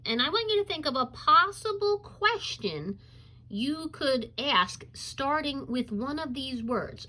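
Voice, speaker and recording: A woman teacher giving a recorded reading lesson to young children, encouraging them to answer aloud and pausing on "um" fillers. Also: on the high side, bright, forceful tone, rough recording. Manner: coaxing and encouraging, asks pupils to answer aloud; frequent um fillers while explaining.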